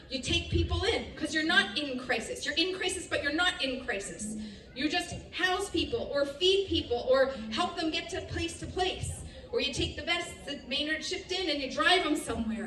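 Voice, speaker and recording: A woman from the United States giving an animated storytelling talk to a festival audience, often laughing and acting out what other people said. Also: sits high, a little hiss or hum. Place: festival stage. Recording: echoey venue, speaker heard from a distance with faint ambience.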